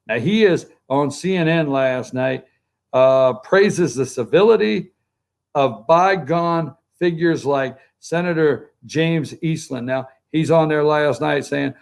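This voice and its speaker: A man's voice: fairly high pitch, slow pace, vocal fry. A middle-aged man hosting a political morning talk show, rambling and sarcastic as he talks straight to viewers. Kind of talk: opinionated morning show commentary.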